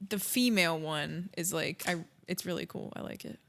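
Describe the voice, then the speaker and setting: A woman's voice: on the low side, moderate pace, gravelly, fairly bright tone, a little hiss or hum. A woman chatting casually on a podcast, explaining with lots of hesitation. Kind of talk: casual chat.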